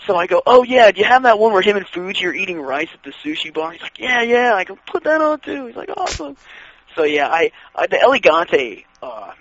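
A man in casual chat, excitedly telling wrestling stories and acting out what others said. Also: sits high, fairly quick, dry recording. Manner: excitable, acts out quoted voices, laughs while telling. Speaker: wrestling fan guest. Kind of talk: casual chat, animated storytelling. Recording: dull lo-fi radio sound.

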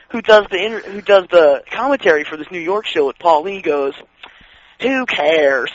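A man in casual chat, excitedly telling wrestling stories and acting out what others said. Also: sits high, normal speed. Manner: excitable, acts out quoted voices, laughs while telling. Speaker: wrestling fan guest. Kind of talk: casual chat, animated storytelling. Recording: dull lo-fi radio sound.

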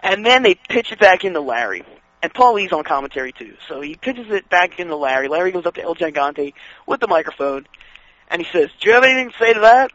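A man in casual chat, excitedly telling wrestling stories and acting out what others said. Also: fairly high pitch, brisk, no room sound. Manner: excitable, acts out quoted voices, laughs while telling. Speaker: wrestling fan guest. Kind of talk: casual chat, animated storytelling. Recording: dull lo-fi radio sound.

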